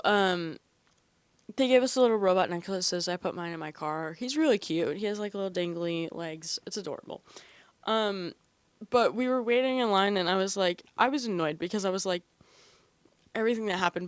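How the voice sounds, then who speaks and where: A young woman hosts a casual podcast, rambling through stories with plenty of fillers and a few swear words. Her voice sits at a middle pitch for a woman. The recording is dry and close, with no room sound. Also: moderate pace, clear, resonant tone, no room sound. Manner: chatty, animated storytelling with frequent fillers and swearing. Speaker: podcast host. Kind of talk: casual chat.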